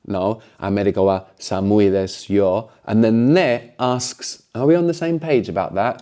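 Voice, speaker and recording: A man's voice: on the low side, moderate pace, mellow, clean tone. A man teaching a language lesson, explaining patiently and often closing points with a questioning "no?".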